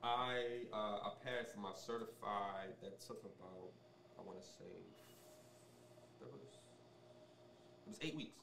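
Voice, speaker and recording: A man with a fairly low voice talks through his subject as an interview guest, relaxed and explanatory, often pausing with ums and restarting sentences. He sits a little back from the mic in a roomy, echoing space with faint background noise. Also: gravelly, recorded from a distance. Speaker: sommelier guest. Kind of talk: casual interview conversation.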